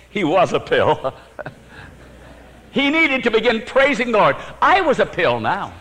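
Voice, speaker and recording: Lively preacher with a hall echo. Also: male voice, fairly high pitch. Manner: animated, swinging between emphatic and hushed, chuckles at his own jokes. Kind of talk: sermon with personal storytelling.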